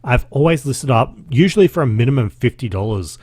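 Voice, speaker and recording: A man's voice: medium pitch, expressive, a little fast, a little mellow, slightly rough, dry recording. An Australian man in his thirties hosting a casual solo podcast, chatty and swearing freely as he recaps his week. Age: 30s. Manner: chatty and profane, with laughs. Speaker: podcast host.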